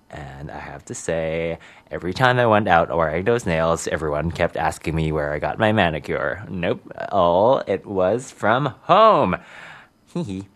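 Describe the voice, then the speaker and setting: A man hosting a community radio show, chatting casually and giggling with lots of ums. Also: rumbling low.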